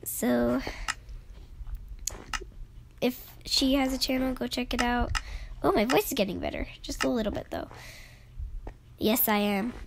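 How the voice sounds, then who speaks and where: A young woman with a sick, hoarse voice that keeps fading, chatting excitedly and giggling while she plays a game and talks to viewers. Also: fairly high pitch, normal speed, noisy background. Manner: giggly and excitable, frequent laughs and squeals. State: sick, hoarse and losing her voice. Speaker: gaming YouTuber. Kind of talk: casual gameplay vlog.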